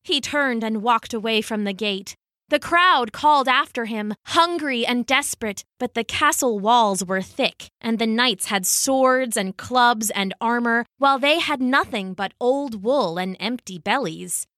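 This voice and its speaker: A woman narrating a storybook aloud with a lively, swooping melody and a slow, unhurried pace. Her voice is bright and clear, recorded dry and close. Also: on the high side, dry recording.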